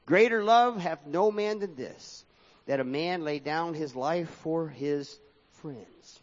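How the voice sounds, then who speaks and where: A man with a slightly high voice takes it slowly as he preaches a sermon and reads scripture aloud in a church hall, his sing-song cadence rising and falling. The sound is dull and lo-fi with long hall reverb.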